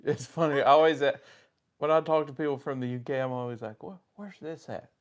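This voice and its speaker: A man's voice: medium pitch, steady tone, fast talker, smooth. A man with a Southern US accent co-hosting a paranormal livestream, greeting viewers by name and telling anecdotes in casual chat.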